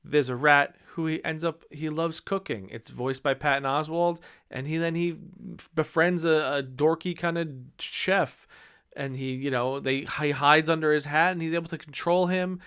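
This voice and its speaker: A man's voice: a little high, fairly even intonation, normal speed, a bit bright, clear, resonant tone. A man in his thirties giving a casual movie review, enthusiastic and rambling with many fillers.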